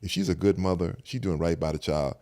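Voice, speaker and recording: A man's voice: low-pitched, lively intonation, brisk, gravelly, dark tone. An older man with a Southern American accent, telling a personal story in a casual podcast chat, often repeating "I said" as he retells conversations. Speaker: podcast guest.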